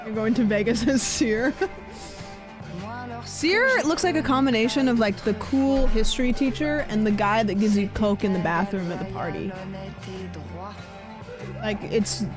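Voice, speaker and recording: Hoarse, playful young woman streamer. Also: on the high side, a little slow, long pauses, over music. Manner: playful, joking, rambling. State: hoarse, put-on smoker voice. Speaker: live streamer. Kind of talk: casual live-stream chat.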